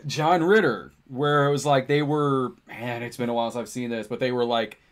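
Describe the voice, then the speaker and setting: A man's voice: medium pitch, steady tone, normal speed. A man co-hosting a livestream, reading viewer questions and rambling casually with lots of fillers. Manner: rambling, filler-heavy, laughs often.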